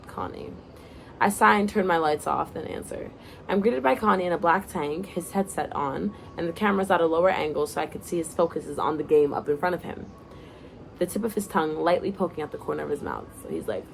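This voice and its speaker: Woman, story reader, casual asides, gravelly, faint background noise. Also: low voice, fast. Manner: casual, breaks off to laugh and comment. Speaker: reader of her own story. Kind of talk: first-person story reading.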